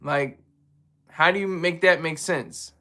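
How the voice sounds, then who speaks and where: A man with a high, bright voice hosts his own show in loose solo commentary. He stops and restarts a lot, leaning on ums and you-knows. He chuckles often as he talks. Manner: halting, rambling, heavy on fillers; chuckles often while talking. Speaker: show host.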